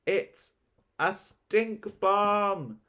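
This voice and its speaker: A bossy scornful schoolgirl, read by a man, low, creaky, slow. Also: fairly even intonation. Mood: screaming. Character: bossy scheming young girl.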